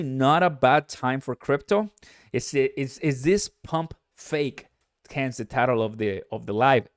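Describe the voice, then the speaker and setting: A man's voice: medium pitch, dry recording, studio quality. Hyped man hosting a crypto livestream. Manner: energetic, hyped, lots of fillers. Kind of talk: casual livestream commentary.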